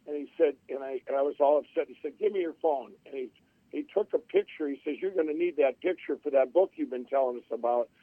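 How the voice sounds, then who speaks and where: A man's voice: a little high, fast talker, no room sound. A middle-aged man telling his life story in an interview, rambling with restarts and acting out what others said. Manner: rambling, with many restarts and acted-out quotes. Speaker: interview guest. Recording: tinny phone-line audio.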